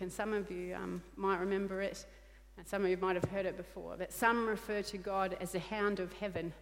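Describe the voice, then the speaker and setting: A woman's voice: mid-range voice, in a large hall. A woman pastor preaching a sermon in an earnest, repetitive way, often acting out quoted dialogue.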